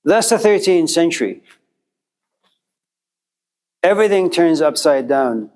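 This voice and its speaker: A male lecturer tells a story to his listeners in a loose, conversational way, turning to address them directly. His voice sits a bit on the high side for a man. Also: lively intonation, unhurried, a little mellow. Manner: acts out quoted characters with jumps in pitch.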